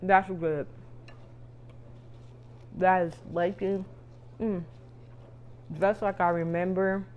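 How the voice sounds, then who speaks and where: A woman's voice: fairly low pitch, little pitch movement, slow, long pauses, dull audio. A woman hosting her own cooking vlog, chatting to viewers as she fries and tastes food. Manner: chatty, talks to viewers while frying and tasting. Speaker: cooking show host.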